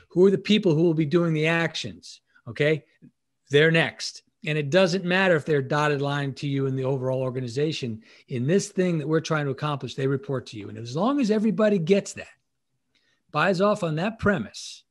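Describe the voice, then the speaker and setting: A middle-aged man in a conversational interview, explaining leadership and acting out bits of dialogue. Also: fairly high pitch. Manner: animated, acts out dialogue with quotes. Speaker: guest, leadership author.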